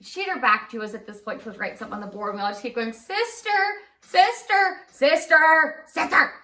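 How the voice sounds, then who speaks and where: A woman telling a true story in a casual storytime vlog, chatty and quick to laugh, recorded in an echoey room. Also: medium pitch, sharp tone, far from the mic. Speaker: craft channel host. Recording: roomy echo.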